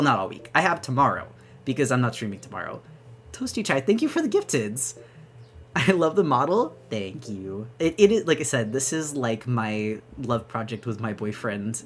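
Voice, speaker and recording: A young woman chatting excitedly on her debut live stream, bubbly and gushing, rambling with lots of restarts. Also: a bass voice, a little hiss or hum. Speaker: VTuber streamer.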